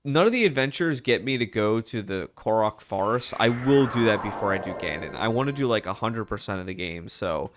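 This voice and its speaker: A man's voice: on the low side, expressive, a little fast, few pauses, a little hiss or hum. A man casually commenting and chuckling while streaming a video game. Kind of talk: let's play commentary.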